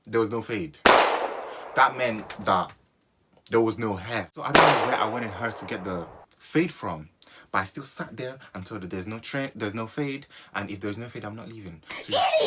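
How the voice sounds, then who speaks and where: A young man, telling a personal story in an animated way for his vlog and repeating phrases for comic effect. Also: fairly low pitch, heavy background noise. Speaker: vlogger.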